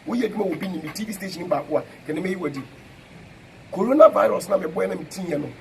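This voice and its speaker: A man's voice: high voice, racing, creaky, slight background noise, low-quality recording. Emphatic Ghanaian man, fiery reply. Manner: emphatic, repetitive, confrontational. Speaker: preacher answering a critic. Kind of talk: fiery spoken reply mixing Twi and English.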